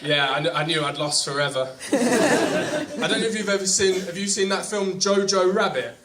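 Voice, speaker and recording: A young English man doing a stand-up set, talking in a halting, filler-heavy way with dry asides. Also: high voice, animated. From England. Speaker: stand-up comedian. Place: small comedy club with live audience. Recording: echoey room, far mic, loud crowd noise. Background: audience laughter.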